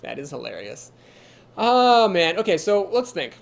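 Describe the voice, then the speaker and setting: A man's voice: high-pitched, big pitch swings, a little slow, creaky. A young man with a Midwestern American accent, chatting and thinking aloud while streaming a card game and answering chat. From Ohio, USA. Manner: chatty, thinks aloud, reads chat comments and laughs easily. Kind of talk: live gameplay commentary.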